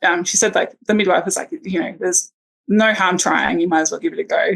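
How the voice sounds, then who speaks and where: Lowish gravelly woman telling a story, loads of ums and likes, super casual. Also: fairly even intonation, fairly quick, a bit bright, poor audio. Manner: chatty, many ums and likes, acts out quotes. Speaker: guest sharing her birth story.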